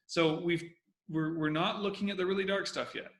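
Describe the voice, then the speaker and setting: A man's voice: sits high, fairly even intonation, normal speed, reverberant. A man hosting a show that breaks down comedy, talking casually and energetically and repeating his key points. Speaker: host analyzing comedy. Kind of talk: casual video commentary.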